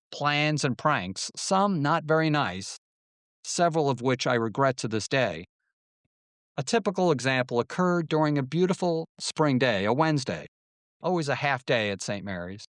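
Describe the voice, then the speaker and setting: A man reads his memoir in a wry, storytelling way, slipping into quoted lines as he goes. His voice sits at a middle pitch. The recording is close and dry, with no room around it. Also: a bit bright, no echo. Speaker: memoir narrator. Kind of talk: audiobook memoir reading.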